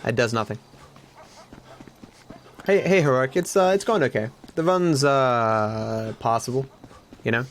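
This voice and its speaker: A man's voice: medium pitch, unhurried, long pauses, slight background noise. An Australian man giving casual livestream gaming commentary, candid and self-deprecating, swearing freely. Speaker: streamer.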